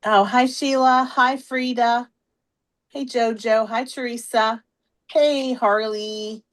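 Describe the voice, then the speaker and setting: Hosting a live stamping stream, this Pittsburgh woman talks slowly in a slightly high, steady voice with her hometown accent. She keeps things casual and welcomes viewers by name.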